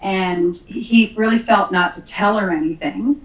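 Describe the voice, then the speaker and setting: A woman's voice: medium pitch, measured pace. Canadian woman guest on a podcast, earnest story, um-heavy, kinda echoey lo-fi audio. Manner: earnest storytelling with many ums. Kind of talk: casual interview, telling her testimony.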